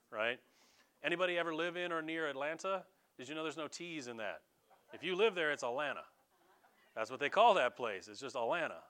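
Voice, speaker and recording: Animated American male pastor. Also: on the high side. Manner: animated, conversational, mimics accents. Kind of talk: sermon.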